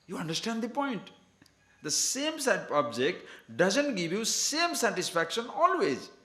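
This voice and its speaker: A man's voice: high voice, very animated, a little slow, bright, forceful tone, roomy sound. A man giving a scripture discourse to a class as a spiritual teacher, emphatic and full of rhetorical questions.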